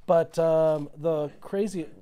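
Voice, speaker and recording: A man's voice: a little high, steady tone, takes it slowly, warm tone. A man in casual podcast chat, telling a long story and acting out the quotes. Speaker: podcast guest.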